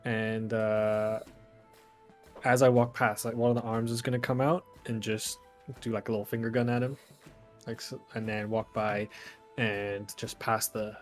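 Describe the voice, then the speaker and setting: A man's voice: on the low side, flat delivery, a little slow, faint music behind. A man playing a tabletop game, describing his character's actions in a loose, rambling way. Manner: rambling, lots of fillers. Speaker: player. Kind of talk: casual tabletop game narration.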